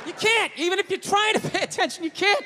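A man's voice: very high-pitched, fast, sharp tone, long reverb tail, some chatter behind, slight background noise. A man doing stand-up comedy on a stage, ranting profanely with rhetorical asides.

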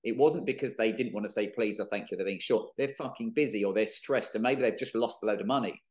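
Relaxed podcast host. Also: male voice, lowish voice, fast talker. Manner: relaxed, swears casually, frequent short agreements. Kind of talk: casual podcast conversation.

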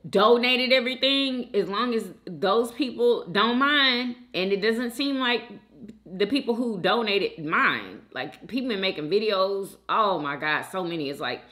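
A woman's voice: mid-range voice, measured pace. A woman hosting a mukbang, chatting casually and animatedly with viewers and reading their comments. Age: adult mother. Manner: chatty, animated, often calls listeners "girl" and "y'all".

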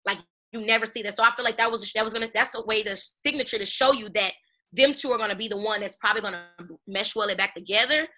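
A woman hosting a casual TV recap chat with a friend, animated and slangy. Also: medium pitch, fast talker. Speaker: YouTube channel host.

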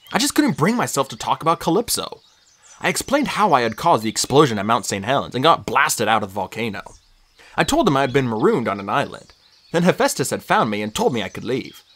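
Audiobook narrator, expressive, very lively pitch, storytelling. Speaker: audiobook reader. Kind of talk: first-person audiobook narration.

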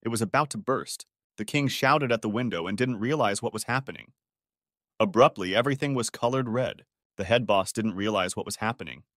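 A man giving a scripted story recap narration in an even, steady read-aloud delivery. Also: fairly low pitch, a little fast, dry recording, clean studio sound.

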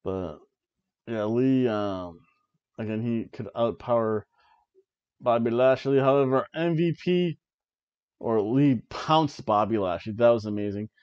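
A man's voice: medium pitch, unhurried, long pauses, darkish tone, smooth. Casual guy at home going over wrestling matches, rambly and laughing at his own bits, kinda muffled audio. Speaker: podcast host reviewing wrestling. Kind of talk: casual chat. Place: home, seated in an old chair.

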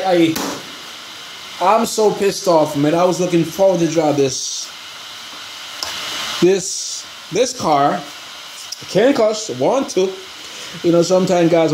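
A man with a slightly high voice chats casually in a vlog about his RC hobby, frustrated because a part broke. Addressing viewers as guys, he says he's pissed off, rambling hesitantly with restarts and fillers. There's background noise, and the room is echoey with faint ambience.

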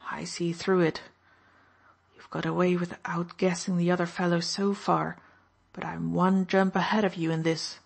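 A woman's voice: lowish voice, level tone, normal speed, vocal fry. A woman reading an audiobook, voicing a weak, wounded male officer who snarls and taunts with open hostility. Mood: sneering. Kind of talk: audiobook narration.

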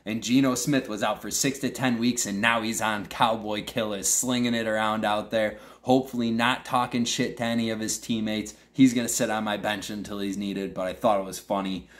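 A man's voice: lowish voice, fairly even intonation, normal speed, few pauses. A young man with a Western New York accent hosts a podcast, trash-talking his fantasy football league in a crude, mock-angry rant. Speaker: podcast host.

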